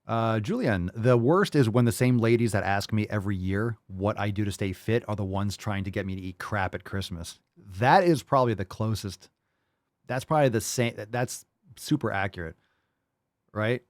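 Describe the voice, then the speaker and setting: A man's voice: fairly low pitch, moderate pace, dry recording, studio quality. A middle-aged man hosting a fitness show, reading viewer comments in a blunt, profane, mocking way. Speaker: fitness podcast host. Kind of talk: livestream chat reading comments.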